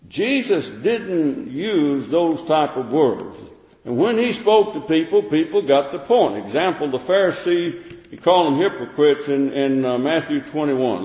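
A man's voice: medium pitch, darkish tone. A man preaching a sermon in plain, repetitive speech, reading King James verses aloud. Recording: echoey hall, dull lo-fi sound.

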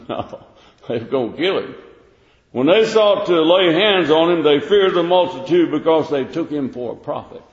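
A man's voice: fairly high pitch, lively intonation, moderate pace. A man preaching a sermon in plain, repetitive speech, reading King James verses aloud. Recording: echoey hall, dull lo-fi sound.

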